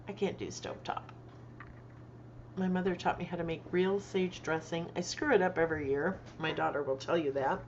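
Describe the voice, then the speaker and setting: A woman's voice: fairly low pitch, steady tone, moderate pace, pauses often, a little hiss or hum. A middle-aged woman hosting a casual livestream, chatty and tired after a long day, greeting viewers by name and laughing often. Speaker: livestream host and author. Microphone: desktop microphone. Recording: dull lo-fi livestream audio.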